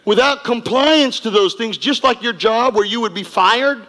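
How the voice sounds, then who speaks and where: A man's voice: very high voice, normal speed, sharp tone. A man preaching a sermon as pastor, emphatic and repetitive, leading the congregation in call-and-response. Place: church sanctuary. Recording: long hall reverb.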